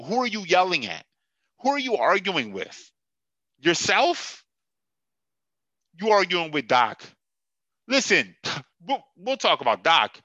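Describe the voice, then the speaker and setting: A man's voice: a little high, very animated, unhurried, pauses often, sharp tone, dry recording. A man hosting a sports podcast, ranting with profanity and sarcasm and laughing at his own jokes. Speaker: podcast host. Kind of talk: heated sports podcast rant.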